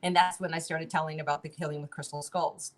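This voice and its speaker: Casting: middle-aged woman, lowish voice, rambling and chatty, laughs a lot, video-call audio. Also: level tone, fast talker. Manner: chatty, many fillers and restarts, laughs often. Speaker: interview guest. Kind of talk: casual conversational storytelling.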